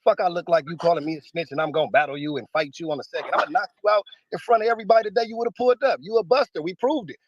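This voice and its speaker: A man's voice: high-pitched, very fast, hardly any pauses, no echo, muffled recording. A man speaking in a heated interview, combative, emphatic and profane. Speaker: battle rapper interviewee.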